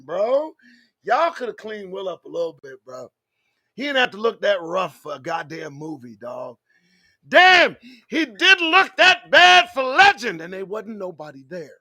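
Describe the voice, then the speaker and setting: A man with a high voice hosts his own show, giving an animated, profane commentary monologue packed with rhetorical questions. The recording is dry.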